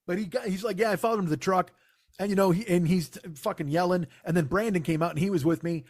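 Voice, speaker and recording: A man doing stand-up, telling a long profane story with exasperated, animated delivery. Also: high-pitched, quick pace, no room sound, studio quality. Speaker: stand-up comedian.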